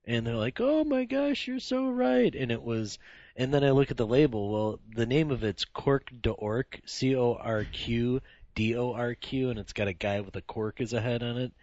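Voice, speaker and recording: Lively man telling a wine story. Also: medium pitch, moderate pace, no room sound. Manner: animated storyteller, laughs often. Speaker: wine podcast host. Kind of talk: casual chat. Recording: dull lo-fi sound, dry room.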